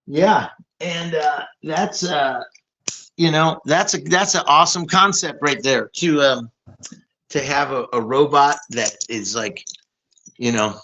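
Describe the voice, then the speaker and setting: A man hosting a casual podcast chat, excitable and rambling, saying dude a lot. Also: on the high side, slow pace, a little hiss or hum. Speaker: podcast host, comic book publisher. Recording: dull lo-fi audio.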